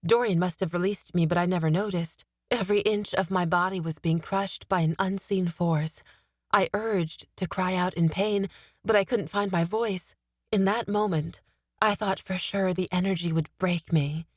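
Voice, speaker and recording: A woman narrating a fantasy novel in the first person, steady and expressive, on a studio mic. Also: fairly low pitch, normal speed, no echo. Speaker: audiobook narrator.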